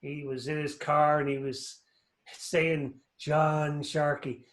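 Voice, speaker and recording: A man's voice: fairly high pitch, slow. A man with an Irish accent, chatting as an interview guest, rambling and joking as he tells stories. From Northern Ireland. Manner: rambling, animated storyteller, joking. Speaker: guest, anatomist. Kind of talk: casual interview chat. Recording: echoey room.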